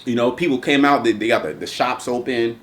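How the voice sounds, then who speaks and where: A man's voice: medium pitch, brisk, a bit bright. A man hosting a casual religious commentary chat, talking emphatically and profanely with lots of restarts. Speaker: host.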